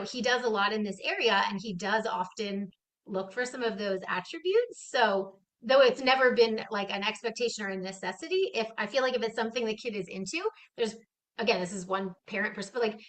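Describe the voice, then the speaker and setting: A woman's voice: medium pitch, bright, forceful tone, low-quality recording. A woman parent joining a podcast chat, talking casually and searching for her words. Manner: chatty, searching for words, fillers. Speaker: parent guest.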